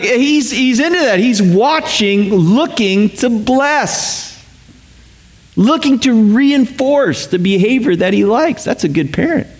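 Male pastor, high voice, joking, animated, casual sermon. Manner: joking, animated, chuckles between points.

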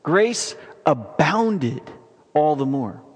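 High-voiced, excitable preacher in a hall. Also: male voice, drawn-out words, breathy edge. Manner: energetic, emphatic, with sudden bursts of excitement. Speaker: pastor. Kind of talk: sermon. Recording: long reverb of a large hall.

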